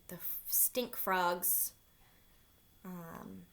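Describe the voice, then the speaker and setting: A woman's voice: medium pitch, expressive, measured pace, fairly bright tone. A woman reading a children's book aloud, stopping for chatty asides to young listeners.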